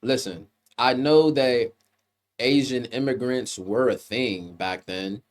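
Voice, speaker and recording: A man's voice: mid-range voice, slow pace. A man giving a rambling, profane, casual movie review, often restarting his sentences.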